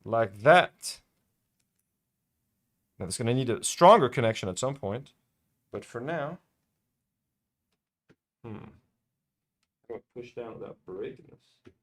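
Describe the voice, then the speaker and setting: Chatty young man with a lively pitch. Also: measured pace, pauses often. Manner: chatty and self-delighted, many fillers. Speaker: toy-building channel host. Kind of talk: casual hobby vlog narration.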